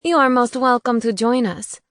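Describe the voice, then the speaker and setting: A woman's voice: on the high side, moderate pace, a bit bright, no echo, clean studio sound, voice pushed up. A woman narrator voicing a poised, flirtatious female succubus with a slight Eastern European accent. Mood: flirty. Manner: teasing, gracious.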